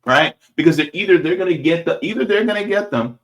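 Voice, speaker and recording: A man's voice: on the high side, animated, fast talker, a bit bright. A man commenting on a video clip in casual political talk, emphatic and repetitive, tossing in "right?" and "baby".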